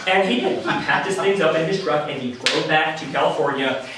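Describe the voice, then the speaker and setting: A man telling a personal story at a live story slam, candid and animated, laughing often. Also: a little high, brisk, noisy background. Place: live venue stage. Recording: echoey room from a distant mic.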